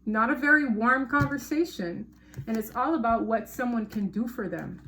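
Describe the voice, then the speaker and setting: A woman's voice: fairly high pitch, moderate pace, a bit bright, slight background noise. A woman giving a casual tarot reading to her viewers, talking emphatically and repeating words for stress. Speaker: tarot reader.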